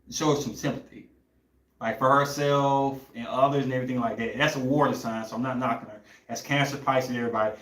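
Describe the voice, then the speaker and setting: A young man hosts a podcast in a mid-range, slightly bright voice, loosely rambling through a story and searching for words in a casual chat. The sound is reverberant.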